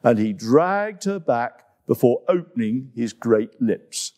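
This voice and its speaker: A man reading a children's story aloud in an expressive, unhurried way as the host of a summer story time. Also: mid-range voice.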